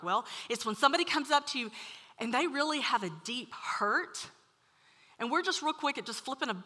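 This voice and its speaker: A woman preaching a sermon to a room, telling a story with animated swings from loud to hushed. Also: medium pitch. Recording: long hall reverb.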